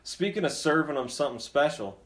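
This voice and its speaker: A young man co-hosting a podcast, telling a story in a casual, animated way, laughing often and acting out his friends' lines. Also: on the high side, a little fast, reverberant. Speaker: podcast co-host.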